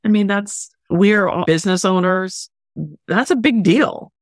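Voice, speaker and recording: A woman's voice: medium pitch, a little slow, dry recording, clean studio sound. A woman hosting a casual podcast interview, chatting and often trailing off mid-sentence. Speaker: podcast host, wedding music business owner.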